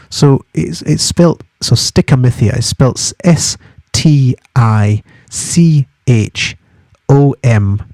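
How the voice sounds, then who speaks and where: A man's voice: mid-range voice, darkish tone, dry recording, clean studio sound. A Scottish man who reads a novel aloud and explains it for exam study, talking conversationally with frequent restarts. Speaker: English literature teacher.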